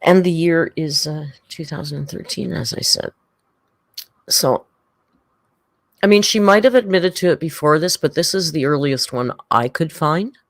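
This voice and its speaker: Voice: medium pitch, moderate pace, no room sound. A livestream host in casual reaction chat, rambling and chatty, reading out viewer comments.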